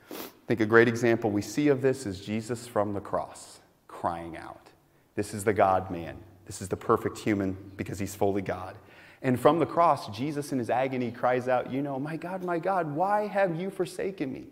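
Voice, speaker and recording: A pastor preaching a sermon in an earnest, emphatic way, repeating phrases to build his point. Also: lowish voice. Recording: long hall reverb.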